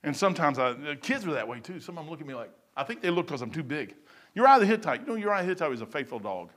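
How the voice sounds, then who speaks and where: A man preaching a sermon in a folksy, rambling way, swinging between loud bursts and quiet asides. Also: fairly high pitch, sing-song, racing. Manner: folksy and rambling, with stumbles and chuckles.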